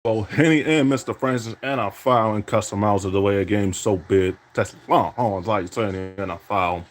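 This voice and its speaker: Speaking at a normal speed in a fairly low register, this man commentates on himself during a basketball video game. His talk is full of teasing jabs at his opponent and repeated catchphrases, "indeed" most of all.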